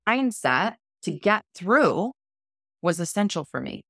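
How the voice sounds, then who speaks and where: A woman guest on a podcast interview, explaining a method in a calm, measured, coaching tone. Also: lowish voice, creaky, dry recording, studio quality. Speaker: guest, cold immersion method founder.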